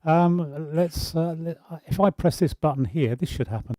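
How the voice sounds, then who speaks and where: A man's voice: on the high side, normal speed, dark tone, no room sound, clean studio sound. A man from England hosting a casual live stream, teasing his guest and laughing easily. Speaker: host.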